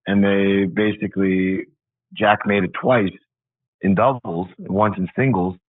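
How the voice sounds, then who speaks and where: A man with a very deep voice joins a podcast chat as a guest tennis coach. He talks in an unhurried way, leaning on fillers, and comes through a tinny, phone-like line that sounds dry and close. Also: steady tone, no echo. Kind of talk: casual chat.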